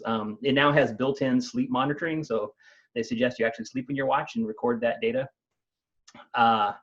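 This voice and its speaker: A man, a company's technical chief, explaining new gadgets in a relaxed conversational way, with frequent fillers and restarts. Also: mid-range voice, highs cut off. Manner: thoughtful, many fillers and restarts. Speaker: company CTO explaining tech news.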